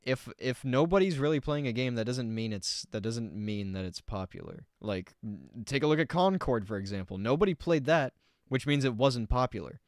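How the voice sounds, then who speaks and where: A man's voice: mid-range voice, expressive, normal speed, no echo, clean studio sound. A man streaming himself reacting to a video, rambling casually and arguing back at what he hears.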